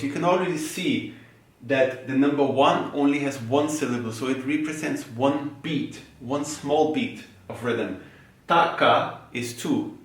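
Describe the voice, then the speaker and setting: A man giving a rhythm lesson, patiently explaining step by step and chanting rhythm syllables in time. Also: medium pitch. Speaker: rhythm teacher. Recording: very echoey room, mic far off.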